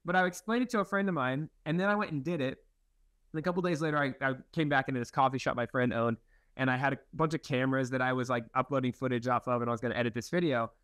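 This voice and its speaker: A man's voice: medium pitch, fast, no echo. Young guy rambling thru a story, easygoing, little laughs, dry sound. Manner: relaxed, rambling, self-deprecating, laughs while talking. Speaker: guest. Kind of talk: casual interview storytelling.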